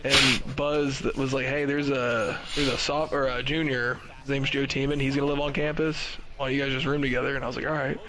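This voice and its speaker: A man's voice: medium pitch, level tone, a little fast, hardly any pauses, sharp tone, low-quality recording. A young man telling a rambling, swear-heavy story in a casual podcast chat, acting out what people said. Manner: laid-back, swears a lot, acts out quotes. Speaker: podcast host.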